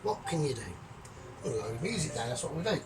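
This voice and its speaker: A man with a put-on Scottish accent hosting a casual home cooking vlog, jokey and boastful with loud bursts. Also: fairly high pitch, big pitch swings, quick pace. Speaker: cooking channel host. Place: home kitchen. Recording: distant mic, music behind.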